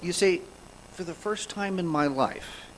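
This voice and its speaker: A man's voice: high-pitched, measured pace, a bit bright, a little hiss or hum, poor audio. Earnest man sharing a reflection. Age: 40s. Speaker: congregation member sharing a reflection. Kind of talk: personal reflection read at a church service. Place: church.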